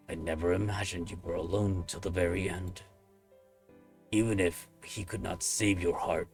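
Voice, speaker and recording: Man reading as a solemn warrior monk, gravelly, very low, faint music behind. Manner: solemn, formal, deliberate speech. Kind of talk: reading game dialogue aloud.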